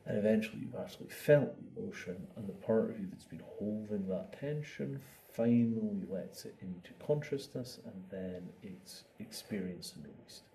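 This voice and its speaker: A man's voice: on the low side, lively intonation, moderate pace, few pauses, warm tone. A man giving an informal talk on meditation. He acts out inner thoughts and repeats words to make his points. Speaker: meditation teacher. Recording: distant mic with faint ambient noise.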